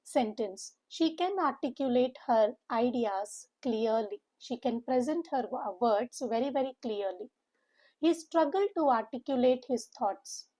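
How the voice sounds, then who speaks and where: A woman's voice: a little high, lively intonation, mellow, low-quality recording. Woman teaching vocabulary. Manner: spells out sounds slowly, repeats words for emphasis. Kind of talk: online vocabulary lesson.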